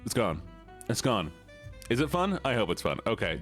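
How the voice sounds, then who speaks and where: A man's voice: lowish voice, big pitch swings, normal speed, a bit bright, soft background music. A man streaming live, chatting casually and playfully with his viewers. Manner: bubbly, playful, chatty with chat.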